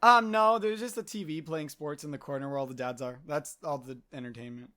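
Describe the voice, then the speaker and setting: A man's voice: a little high, brisk, bright, forceful tone. A man narrating as game master of a tabletop game, hesitant and full of fillers. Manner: hesitant, filler-heavy, laughs often.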